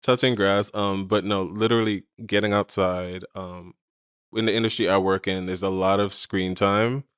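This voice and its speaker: A man's voice: sits low, fairly even intonation, moderate pace, fairly bright tone, smooth, no echo, studio quality. A young adult man from Saint Croix, a podcast guest talking in an easygoing way with frequent ums and laughs. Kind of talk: casual chat.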